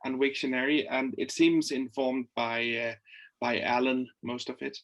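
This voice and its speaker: A man with a mid-range voice speaks up as a student on a video call. He chats casually, pausing on small hesitations as he adds his points. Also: mid-range voice, level tone, fairly bright tone. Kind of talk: online class discussion.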